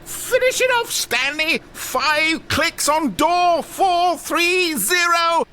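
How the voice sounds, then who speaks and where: A theatrical disembodied game narrator. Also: male voice, very high-pitched, expressive, takes it slowly, sharp tone, a little hiss or hum, full character voice. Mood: gleeful. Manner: theatrical, grandly encouraging. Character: disembodied male narrator, coaxing and manipulative. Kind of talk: video game voice acting.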